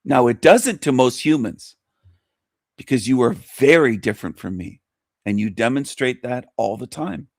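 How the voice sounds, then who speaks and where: A man's voice: medium pitch, animated, normal speed, creaky, no echo. Scornful man ranting on a dry mic. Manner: scornful, mocking, preachy. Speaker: radio show host. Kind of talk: ranting monologue commentary.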